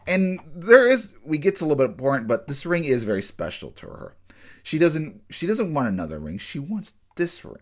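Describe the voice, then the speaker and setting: A man talks through an anime episode in a loose, chatty review, with a lively voice that swings up and down. He often stops mid-sentence and starts again, padding his talk with fillers. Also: fairly high pitch. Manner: rambling, with frequent restarts and fillers; acts out characters' lines in quick bursts.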